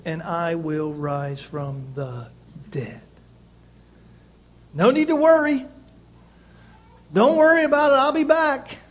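A male pastor preaching a sermon, emphatic and repeating key phrases, with swings between loud passages and quiet ones. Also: fairly high pitch, a little hiss or hum, poor audio.

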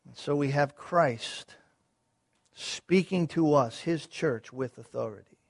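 A man preaching a sermon, moving from quiet, measured teaching to loud, rising passages, with repeated phrases and rhetorical questions. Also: fairly high pitch, no room sound. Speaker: pastor.

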